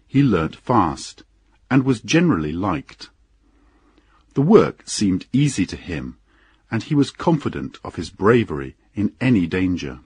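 A man narrating an audiobook in an unhurried, expressive storytelling manner. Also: deep voice, breathy edge, dry recording.

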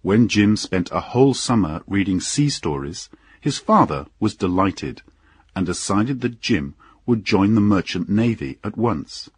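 A man narrating an audiobook in an unhurried, expressive storytelling manner. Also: lowish voice, husky, no echo.

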